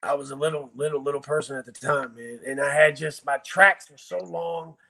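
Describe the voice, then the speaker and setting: A man's voice: on the high side, steady tone, fairly quick, creaky, sharp tone. A man from Virginia bluntly recounting hard times in a casual, profane, emotional interview. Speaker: guest telling his life story.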